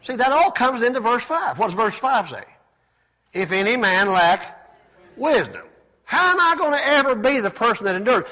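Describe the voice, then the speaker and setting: With a very high, sing-song voice, a man preaches at a quick pace with hardly any pauses. He leads the congregation in repeating words back to him in call-and-response style, shifting from loud exclamations to soft asides.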